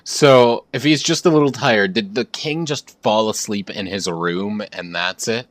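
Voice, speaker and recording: A man's voice: lowish voice, a little slow, no room sound. A man hosting a let's-play, musing aloud with theories as he plays. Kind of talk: casual gameplay commentary.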